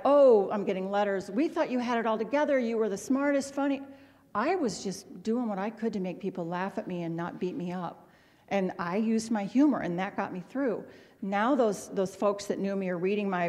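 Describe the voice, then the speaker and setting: A middle-aged woman from Missouri, USA, with a mid-range, slightly mellow voice, gives a humorous, candid talk as a guest speaker at an autism symposium. She rambles with self-deprecating asides in a large hotel ballroom with long reverb.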